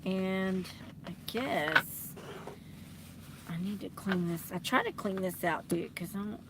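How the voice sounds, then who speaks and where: Woman on a late night live stream from her truck, gravelly voice, talks slow, laughs a lot. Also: medium pitch, very noisy. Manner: chatty, laughs often, reads and answers viewer comments. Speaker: livestream host. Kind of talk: late-night livestream chat.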